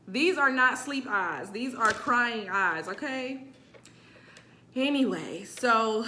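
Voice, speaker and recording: A young woman with a bright, forceful voice tells her own story to camera in a casual vlog. She is animated and expressive, dropping low for asides and rising for emphasis, over a faint rumble in the background. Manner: animated, expressive, swings between quiet and emphatic. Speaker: vlogger sharing a personal testimony.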